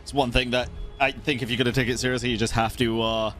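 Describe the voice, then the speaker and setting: A male streamer reacts casually over game audio, joking, swearing, and rambling between bites of snacks. His voice sits at an everyday middle pitch, with faint music underneath. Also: flat delivery, fast, fairly bright tone. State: munching on snacks.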